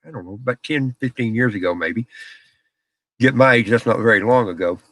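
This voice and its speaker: A man's voice: mid-range voice, fairly quick, fairly bright tone, no room sound. A middle-aged man hosting a casual live stream from a small office, chatting with viewers and telling stories, often laughing. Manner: folksy storyteller, laughs often.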